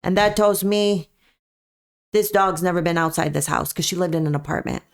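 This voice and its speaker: A woman with a lowish voice speaks as a podcast guest. She tells her story as a dog breeder in an earnest, emphatic way and keeps coming back to her main points. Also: normal speed. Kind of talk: conversational storytelling.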